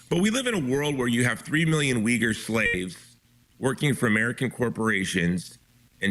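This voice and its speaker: Man, deep voice, forceful tone, guest author, emphatic, urgent, restarts often. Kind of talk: impassioned interview talk.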